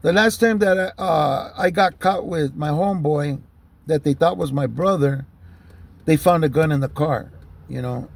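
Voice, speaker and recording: A man telling a story in a loose, casual way, swearing often and filling pauses with "you know.". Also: fairly high pitch, gravelly. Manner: loose and profane, many fillers like "you know". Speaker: storyteller recounting a police stop.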